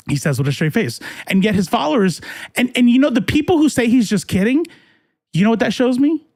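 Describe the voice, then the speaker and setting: A man's voice: high-pitched, animated, fairly quick, a little mellow, no room sound, studio quality. A man doing casual live-stream political commentary, reading chat and ranting in a heated, profane, rambling way with many restarts.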